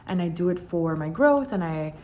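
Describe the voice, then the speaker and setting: A young woman talks candidly to her camera, leaning on repeated words for emphasis. Her voice sits a little low for a woman, and a faint noise floor hums under the recording. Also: expressive, moderate pace, dark tone. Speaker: vlogger. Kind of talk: casual personal storytelling.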